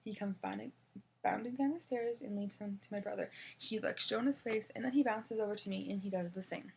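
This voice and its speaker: A woman's voice: mid-range voice, a little fast, vocal fry, a little mellow, a little hiss or hum. A woman reading a children's novel aloud in the first person, with small slips and restarts. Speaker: reader.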